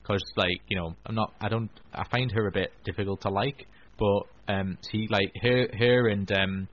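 A man's voice: lowish voice, fairly even intonation, moderate pace. A man hosting a radio talk show, chatting casually with lots of restarts and fillers. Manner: rambling, many restarts and fillers. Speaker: radio host. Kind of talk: casual chat. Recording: dull lo-fi recording.

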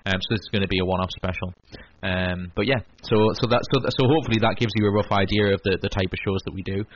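Male co-host, deeper voice, loose rambling delivery, muffled broadcast audio. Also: fairly even intonation, quick pace. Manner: rambling, many fillers and restarts. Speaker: podcast co-host. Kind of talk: casual chat. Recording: lo-fi radio broadcast with faint hiss.

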